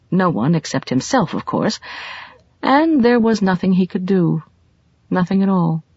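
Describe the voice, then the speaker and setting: A woman narrates an audiobook with a somewhat low, breathy voice. Her reading is dramatic, pushing emphasis up and down through the story. The recording is dull and lo-fi, with no room sound at all. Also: dry recording.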